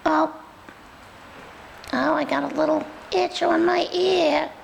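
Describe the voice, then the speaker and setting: A woman's voice: steady tone, slow, a little hiss or hum, heavily acted, rough recording. A woman voicing a sassy, food-loving female pet dog with a New York accent, rambling and confiding. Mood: chatty. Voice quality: very high, gravelly. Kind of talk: comic pet voice role-play.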